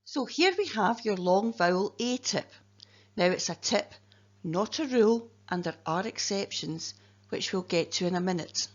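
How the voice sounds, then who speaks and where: A woman with a Scottish accent, a teacher slowly and carefully explaining spelling patterns and sounding out words letter by letter. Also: medium pitch, animated. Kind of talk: phonics lesson narration. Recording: dull lo-fi recording.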